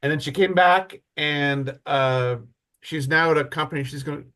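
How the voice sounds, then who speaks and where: A man's voice: a little high, moderate pace, bright, forceful tone. A man moderating an online workshop, introducing speakers casually over a video call.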